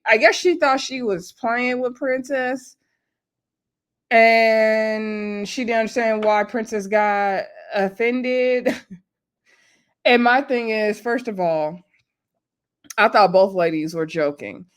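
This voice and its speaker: Woman, casual TV recap, chatty, laughing asides. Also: fairly high pitch. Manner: chatty, laughs often, acts out the cast's lines. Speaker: reality TV recap vlogger.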